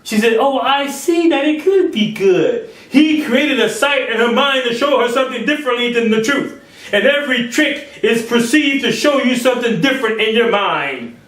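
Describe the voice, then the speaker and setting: A man's voice: extremely high pitch, expressive, normal speed, fairly bright tone, reverberant, distant mic, poor audio. A man preaching a sermon, acting out quoted speakers in changing voices. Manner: acts out biblical quotes in shifting voices.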